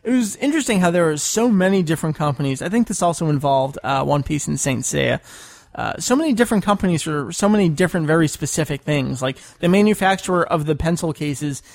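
A man's voice: fairly high pitch, expressive, fast, creaky. A man hosting a casual podcast chat, explaining things patiently and spelling them out. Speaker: podcast host.

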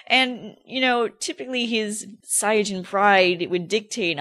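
A woman chatting on a casual fan podcast, her voice sitting in an ordinary middle pitch. She laughs often and slips into acted-out quotes as she goes. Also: slow pace, fairly bright tone. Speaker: podcast co-host.

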